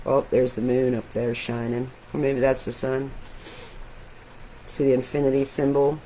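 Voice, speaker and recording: A middle-aged woman, an artist, talking casually and reflectively while showing her sketches, with soft laughs now and then. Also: extremely low pitch, flat delivery, normal speed, slight background noise, poor audio.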